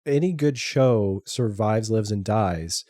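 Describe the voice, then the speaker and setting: A man's voice: fairly low pitch, lively intonation, slow pace, mellow, no room sound, clean studio sound. A middle-aged man co-hosting a podcast, chatting casually and often restarting his sentences. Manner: trips over words, many restarts. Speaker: podcast co-host and editor. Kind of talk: casual chat.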